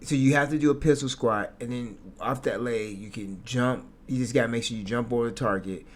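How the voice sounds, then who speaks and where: A man casually reacting to sports footage for his viewers, excitable and repeating himself as he breaks down technique. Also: mid-range voice, a little fast. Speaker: reaction streamer.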